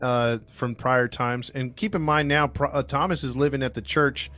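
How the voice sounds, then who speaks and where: Speaking at normal speed in a medium-pitched voice that sounds pushed and bright, with fairly even intonation, this podcast host casually recounts a true crime case. He rambles with lots of fillers and restarts and acts out what people said.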